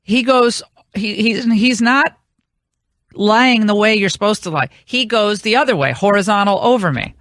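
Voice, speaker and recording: A woman's voice: medium pitch, normal speed, a bit bright, no room sound, studio quality. A woman hosting a radio talk show, telling a long rambling anecdote in casual on-air chat. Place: radio studio.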